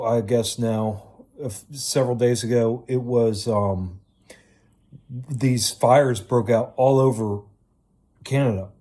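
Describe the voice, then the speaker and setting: A man talking to his viewers in a rambling casual monologue, halting often with ums and restarts, and swearing casually. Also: mid-range voice, mellow. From Virginia, United States. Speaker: video creator.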